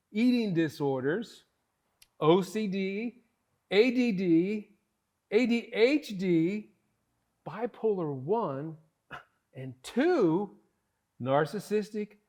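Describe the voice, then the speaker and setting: A man's voice: sits high, exaggerated voice. An actor playing a sardonic, anxious man who swears and talks to himself while looking for therapy in a solo musical drama. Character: wry, anxious, struggling man seeking therapy. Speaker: solo stage performer.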